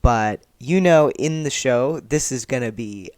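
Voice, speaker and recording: A man's voice: medium pitch, measured pace, darkish tone, no room sound. A young man reading a comic aloud and chatting his reactions, laughing often. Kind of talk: casual read-along reaction.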